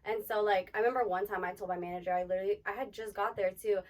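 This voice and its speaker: A woman's voice: medium pitch, steady tone, very fast, distant mic. A young woman co-hosting a casual chat, giving blunt, profane pep talk. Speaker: podcast co-host, dancer.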